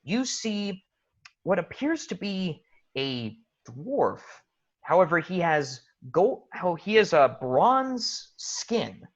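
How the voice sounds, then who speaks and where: A man narrating a tabletop game as game master, telling the scene in a loose, animated way with fillers. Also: high voice, slow pace, dull audio.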